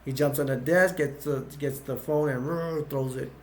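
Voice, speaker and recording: A man with a slightly high voice recaps a film's plot in loose, casual talk. He wanders through the story with plenty of fillers, false starts and self-corrections. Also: fairly even intonation, unhurried, a little mellow. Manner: rambling, with many fillers and restarts. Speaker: movie reviewer.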